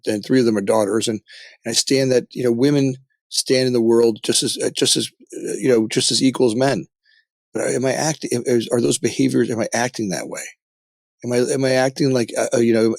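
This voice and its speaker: A man's voice: mid-range voice, no room sound. A middle-aged man, a company founder guest on a podcast, talking in a casual, reflective way, often restarting and tagging his lines with "right?". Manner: frequent restarts and tag "right?", earnest storytelling. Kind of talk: casual reflective interview talk.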